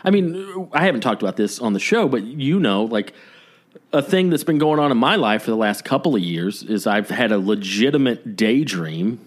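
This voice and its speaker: A man's voice: mid-range voice, animated, moderate pace. A man co-hosting a casual podcast chat, talking in a rambling, hesitant way with many fillers and restarts. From United States. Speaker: podcast co-host. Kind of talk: casual conversation.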